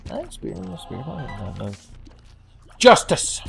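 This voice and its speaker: A man's voice: fairly high pitch, huge pitch swings, extremely slow, creaky, soft background music. A man giving joking, rambling commentary as he plays a video game, cursing freely. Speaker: let's play host. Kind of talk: gameplay commentary.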